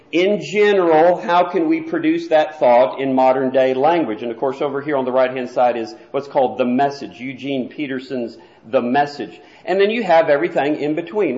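Guy preaching a lesson, kinda high voice, echoey church room, muffled old recording. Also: darkish tone. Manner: plain, explanatory, walks through a chart. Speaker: preacher teaching a Bible class. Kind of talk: explanatory sermon lesson.

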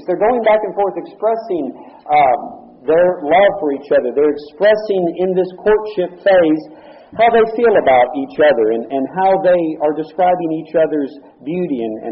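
Earnest man teaching scripture, lo-fi. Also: fairly high pitch. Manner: earnest, explains verse by verse, repeats words as he restarts. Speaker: Bible teacher. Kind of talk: evening Bible study teaching.

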